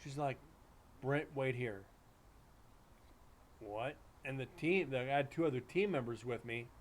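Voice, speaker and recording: A middle-aged man recounts a ghost investigation in a loose, chatty way. He restarts sentences often and acts out the back-and-forth dialogue. His voice sits at an ordinary middle pitch. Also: a little slow, a little hiss or hum. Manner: rambling, animated storytelling with many restarts and quoted dialogue. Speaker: paranormal investigator. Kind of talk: casual storytelling on a live stream.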